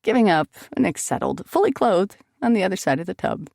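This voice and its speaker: A woman narrating a first-person romance audiobook in an even, expressive way. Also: lowish voice, brisk, vocal fry, dry recording, clean studio sound.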